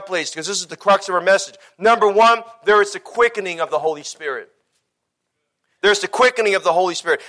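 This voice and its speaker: A man's voice: high voice, pushed and bright. A man preaching a sermon, emphatic and repetitive, putting rhetorical questions to the congregation.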